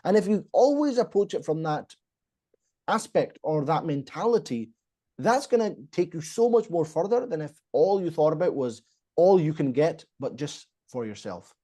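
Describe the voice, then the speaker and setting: A man's voice: a little high, big pitch swings, normal speed, dark tone. A man, a public speaking coach explaining techniques emphatically as a podcast guest. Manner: emphatic, explanatory, acts out examples. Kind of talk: conversational teaching on a podcast.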